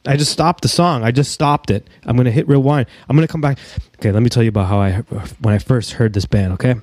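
A man hosting a podcast, rambling casually and excitably with plenty of swearing. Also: medium pitch, fast, dry recording, studio quality. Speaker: podcast host. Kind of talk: rambling live-stream monologue. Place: home studio in Mexico.

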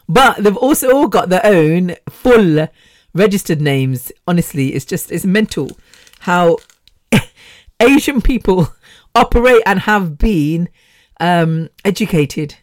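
A woman's voice: lowish voice, expressive, measured pace, pauses often, dry recording, studio quality. Chatty woman, rambling and giggly. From United Kingdom. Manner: rambling, chatty, laughs often, loses her train of thought. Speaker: podcast host. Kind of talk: casual podcast monologue.

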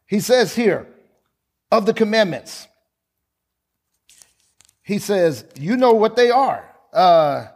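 Male preacher, high voice, emphatic sermon delivery with repetition. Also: expressive, darkish tone. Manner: slow emphatic preaching with dramatic pauses and repetition.

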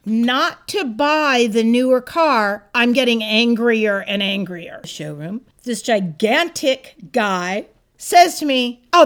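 A woman of sixty-seven telling a personal story in a casual, animated and exasperated way. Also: on the high side. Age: 60s.

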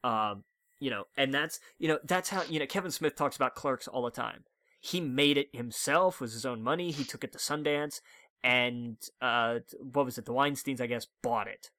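A man co-hosting a casual podcast chat, rambling and animated as he explains things. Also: mid-range voice, moderate pace, no echo. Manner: rambling, animated storytelling with playful bits. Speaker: podcast co-host.

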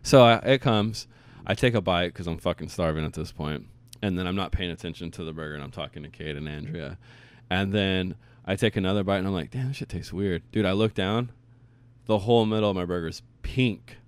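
A young man tells a story in casual chat, cursing freely and acting out the quotes. His voice sits on the low side. The sound is dry and close. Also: clear, resonant tone, dry recording. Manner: animated, profane storytelling, acts out quotes.

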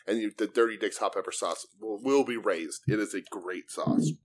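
A man with a somewhat low voice hosts a laid-back podcast. He recaps an episode in an easy, joking way, chatting with his co-hosts. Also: normal speed. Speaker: podcast host. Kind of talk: casual chat.

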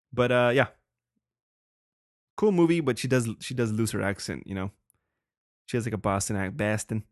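A man's voice: mid-range voice, no echo, clean studio sound. A young man hosting a casual solo podcast, rambling with lots of swearing and laughing. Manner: profane, rambling, laughs often. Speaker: podcast host.

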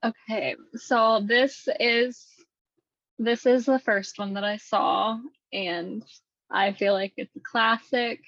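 A woman's voice: a little high, steady tone, slow, fairly bright tone, no room sound, lo-fi sound. A woman co-hosting a podcast, reading silly scripts aloud in casual chat and often breaking into giggles. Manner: giggly, keeps breaking into laughter while reading. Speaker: podcast co-host.

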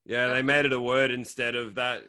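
A man's voice: medium pitch, little pitch movement, a little fast, crowd noise. A man with an Australian accent in casual, jokey chat, often slipping into mock voices.

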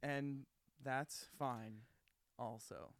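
A man's voice: medium pitch, fairly even intonation, extremely slow, clear, resonant tone, dry recording, studio quality. A young man co-hosting a casual comedy podcast, laughing often and teasing his friends. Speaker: podcast co-host. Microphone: close studio mic.

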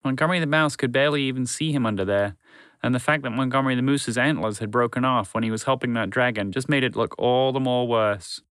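A man narrating a children's story in a calm, measured, friendly way. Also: mid-range voice, smooth, dry recording.

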